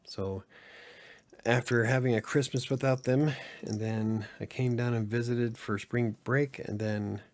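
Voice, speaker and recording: A man's voice: mid-range voice, steady tone, a little slow, a little mellow. A middle-aged man from Utah, hosting a casual late-night podcast chat, talking candidly and rambling with plenty of swearing and filler words. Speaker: podcast host.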